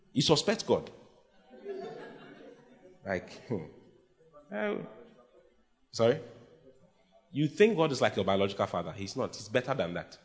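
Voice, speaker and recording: A man's voice: medium pitch, very animated, a little slow, pauses often. A man with a Ghanaian English accent, preaching a sermon with emphatic bursts and playful mimicry of his listeners. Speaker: pastor.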